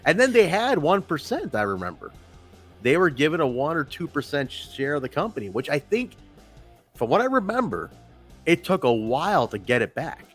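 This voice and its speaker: A man's voice: on the high side, big pitch swings, normal speed, fairly bright tone, soft background music. A man co-hosting a casual wrestling review podcast, talking in a rambling, profane way and laughing often. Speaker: podcast co-host.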